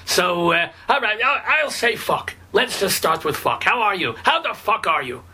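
A man's voice: high-pitched, very animated, normal speed, bright, forceful tone, husky, full character voice. A man voicing a cranky, foul-mouthed older rabbi with a phlegmy, throaty voice, rambling and swearing in a comedic radio bit. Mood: blustery. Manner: rambling, blustery, swears casually.

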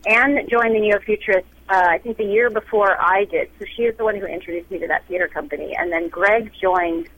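A woman's voice: medium pitch, a little fast, hardly any pauses, slightly rough, narrow, tinny audio. A woman actress being interviewed, talking in a bubbly, chatty way over a remote line.

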